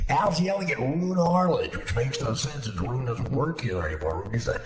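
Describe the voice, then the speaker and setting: A man's voice: medium pitch, sing-song, unhurried, crowd noise. A man riffing crude mock sports commentary, jumping between jokes and mocking voices. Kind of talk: crude improvised comedy commentary. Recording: echoey room with background noise.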